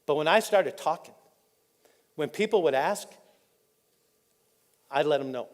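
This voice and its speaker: A man pastor, preaching a candid, personal sermon that drops soft and choked up when he is moved. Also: fairly high pitch, animated, unhurried. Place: church auditorium. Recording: live in a reverberant church hall.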